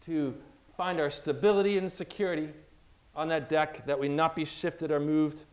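A man preaching a sermon, emphatic and at times exhorting loudly, acting out the doubts of believers. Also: on the high side, steady tone, moderate pace. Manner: emphatic, rising to loud exhortation; acts out voices of doubting believers.

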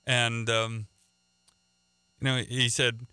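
A man's voice: mid-range voice, flat delivery, a little slow, pauses often, pushed and bright, smooth, no room sound. A man preaching a radio sermon in an earnest way, often repeating words and restarting sentences.

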